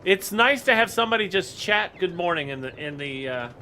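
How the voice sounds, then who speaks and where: A man's voice: high voice, animated, a little fast, pushed and bright, a little hiss or hum. A man casually chatting on a live game stream, greeting viewers by name and rambling with fillers.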